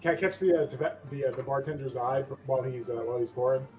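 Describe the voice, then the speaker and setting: A man's voice: mid-range voice, fast, a little mellow. A man playing in a tabletop game, talking hesitantly with many fillers, faint music behind. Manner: hesitant, filler-heavy, playful. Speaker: player. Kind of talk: tabletop game role-play.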